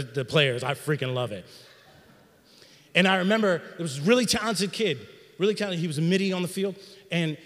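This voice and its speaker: A middle-aged man preaching a sermon in a church sanctuary, in an energetic, conversational style with slang. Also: fairly high pitch, long reverb tail. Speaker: pastor.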